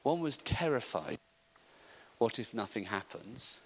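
A middle-aged man telling an animated story in a sermon, acting out the voices of the people in it. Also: mid-range voice, a little slow, a little hiss or hum, poor audio. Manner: animated storytelling, acts out voices, laughs often. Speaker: preacher. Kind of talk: sermon anecdote.

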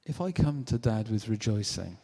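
A British man preaches in a relaxed, conversational way, slipping into little acted-out voices as he tells his stories. His tone is mellow and dark, and the sound rings with the long echo of a large hall. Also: lowish voice, moderate pace, husky. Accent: British English. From Britain. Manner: conversational, animated storytelling with acted-out quotes. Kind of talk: sermon.

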